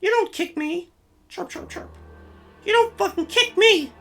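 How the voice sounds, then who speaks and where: A shrill angry blue jay. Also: male voice, huge pitch swings, slow, vocal fry, fairly bright tone, far from the mic, soft background music, exaggerated voice. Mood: indignant. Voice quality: shrill squawking.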